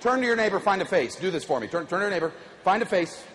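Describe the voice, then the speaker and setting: Middle-aged man, keynote motivational speaker, lively bouncing delivery, faint hall ambience behind. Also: fast, a little hiss or hum. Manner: high-energy, animated, audience call-and-response. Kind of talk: keynote speech to a live audience. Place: large conference hall.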